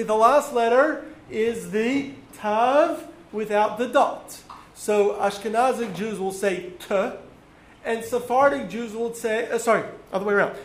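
A man teaching a class, explaining patiently with frequent ums and pauses. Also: very high-pitched. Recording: echoey room with faint noise.

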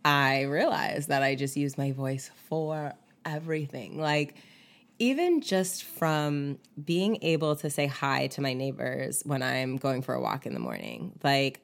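A woman co-hosting a podcast in casual chat, telling stories in an animated way with many fillers, her voice just back after being lost. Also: low-pitched. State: voice just recovered from laryngitis. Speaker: podcast co-host.

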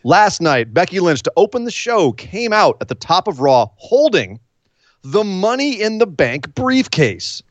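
A man's voice: high voice, a little slow, dry recording, muffled recording. A man co-hosting a podcast remotely, animatedly retelling events and acting out quotes in casual chat. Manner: animated storyteller, acts out quotes. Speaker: podcast co-host. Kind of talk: casual wrestling recap chat. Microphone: remote call mic.

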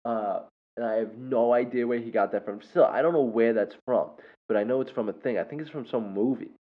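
A young man casually telling a funny story about a first grader, laughing often and breaking into loud impressions. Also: mid-range voice, fairly quick. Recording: dull lo-fi sound.

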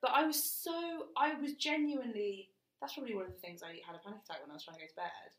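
Woman chatting on a podcast, bright, a bit tense, echoey room, laughs a lot. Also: medium pitch, fast talker. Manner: frank, animated storyteller, laughs often. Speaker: podcast co-host. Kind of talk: casual chat.

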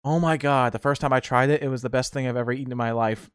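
A man's voice: medium pitch, fairly even intonation, quick pace, clear, resonant tone, no echo, studio quality. A man hosting a solo podcast, telling casual stories and rambling, often repeating and restarting his words. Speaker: podcast host.

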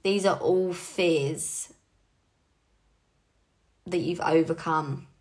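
A woman's voice: sits low, steady tone, extremely slow, a little mellow. A young woman leading her team in a casual motivational talk, chatty and encouraging, with frequent fillers. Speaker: team leader.

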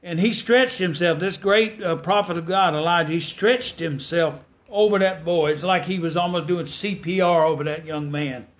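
A man's voice: on the high side, normal speed, hardly any pauses. A man preaching a sermon in a folksy way, repeating phrases and rising to fervent exhortation.

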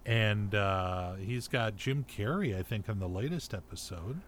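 A man's voice: lowish voice, unhurried, slight background noise. A man co-hosting a podcast, chatting casually and rambling a little about movies and shows he means to watch. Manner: relaxed, rambling with fillers and restarts. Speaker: podcast co-host. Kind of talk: casual chat.

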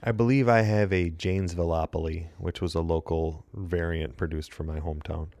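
A man's voice: low voice, steady tone, a little fast, gravelly, a little mellow, no echo. A man co-hosting a casual podcast, trading dry quips and telling wrestling anecdotes. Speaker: podcast co-host, former wrestler. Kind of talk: casual chat.

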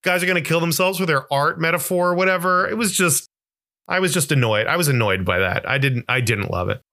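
A man with a bright, sharp-edged voice chatting casually about movies on a podcast. He rants with plenty of swearing, and his voice climbs steeply whenever he gets worked up. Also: fairly high pitch, fairly quick. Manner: animated, profane ranting, voice jumps up when worked up. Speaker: podcast co-host.

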